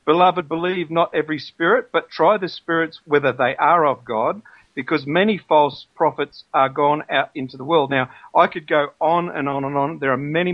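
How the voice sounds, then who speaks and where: Male radio host, earnest and measured, a touch high-pitched, on dull lo-fi audio. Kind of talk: radio interview, reading scripture aloud.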